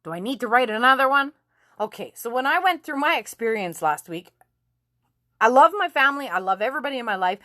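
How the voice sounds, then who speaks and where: A woman's voice: a little high, lively intonation, a little fast, sharp tone, no echo, clean studio sound. A woman in her forties, a nurse and vlogger, talking candidly and emotionally, swearing freely and often laughing. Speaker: nurse and self-help vlogger. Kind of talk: candid motivational vlog talk.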